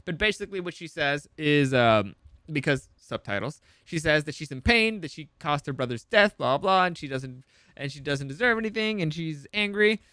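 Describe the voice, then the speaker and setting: A man's voice: a little high, lively intonation, normal speed, sharp tone, no room sound, clean studio sound. A man casually recapping a TV episode, rambling and profane, full of fillers and restarts. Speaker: TV show reviewer.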